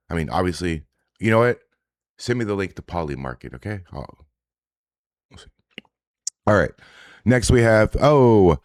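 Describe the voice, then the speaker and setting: A man's voice: low-pitched, no echo, clean studio sound. A man hosting a casual reaction stream, talking in a profane, rambling way with indignant asides. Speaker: streamer host reacting to social media posts. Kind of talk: casual livestream reaction commentary.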